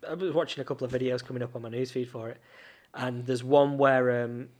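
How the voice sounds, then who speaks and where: A man's voice: medium pitch, fairly even intonation, quick pace, a little mellow. A man, co-hosting a podcast and telling long rambling anecdotes in casual chat, laughing often. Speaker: podcast co-host.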